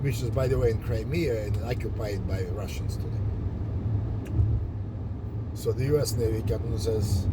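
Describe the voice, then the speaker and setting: A man's voice: on the low side, steady tone, normal speed, pauses often. A man from the Soviet Union hosting an interview show, chatty and enthusiastic, recorded outdoors. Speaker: show host. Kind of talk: casual interview and vlog sign-off. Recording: loud street and traffic noise.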